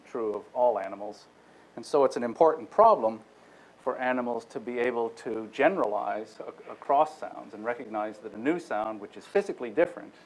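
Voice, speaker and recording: Guy giving a tech talk, explaining calmly, sometimes sings out vowels to show stuff. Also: mid-range voice, a little hiss or hum, rough recording. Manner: explanatory, demonstrates vowel sounds with his own voice. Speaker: lecturer. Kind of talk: technical lecture. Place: lecture room.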